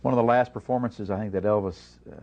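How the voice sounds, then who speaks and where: A man's voice: on the low side, steady tone, quick pace, warm tone, highs cut off. A male interviewer, eager and tripping over his words as he asks questions in a casual chat.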